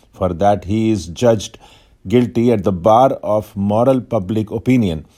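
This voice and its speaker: Man, shorthand dictation reading, mellow warm voice, even measured phrasing. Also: medium pitch. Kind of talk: steady dictation reading at set speed.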